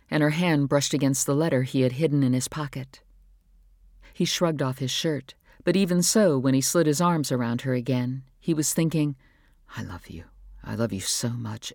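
A woman narrating a novel as an audiobook, reading in a calm, even, measured way. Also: deep voice, dry recording, studio quality. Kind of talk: scripted narration.

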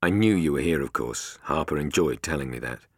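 A friendly middle-aged father with a gentle, pleased manner, voiced by a male narrator. The voice is very deep and lively in pitch. The sound is close and dry. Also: brisk, dry recording, exaggerated voice. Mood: fond.

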